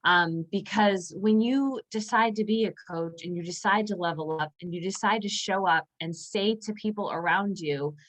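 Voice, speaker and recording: A woman's voice: medium pitch, normal speed, few pauses, rough recording. A woman coach speaking earnestly about her community in a casual group call, with fillers.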